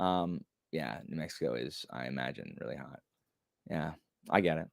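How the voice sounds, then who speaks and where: A man's voice: a bass voice, normal speed, vocal fry, no room sound, studio quality. A young man chatting casually on a live stream, rambling and self-deprecating with many fillers.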